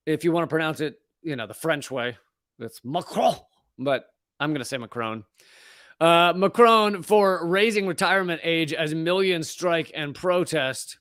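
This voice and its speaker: A man's voice: on the high side, a bit bright, clear, resonant tone, no room sound. An American man hosting his live show, riffing sarcastically on the news and stumbling into restarts as he jokes. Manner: sarcastic, riffing, mocks pronunciations; frequent restarts and laughs. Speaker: comedian host of a live show. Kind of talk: casual ranting commentary.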